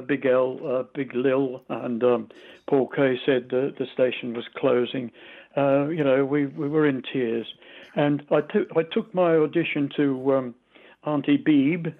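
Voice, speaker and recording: A man in his eighties with a mild Australian accent, a retired radio presenter reminiscing in an interview, rambling and halting with many fillers. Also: mid-range voice, creaky, narrow, tinny audio. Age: 80s.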